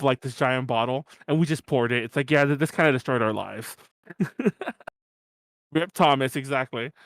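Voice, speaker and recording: A young man co-hosting a podcast, telling a rowdy party story in a casual, animated way, laughing often and swearing as he acts out his own drunken rant. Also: fairly high pitch, dry recording, clean studio sound. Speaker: podcast co-host.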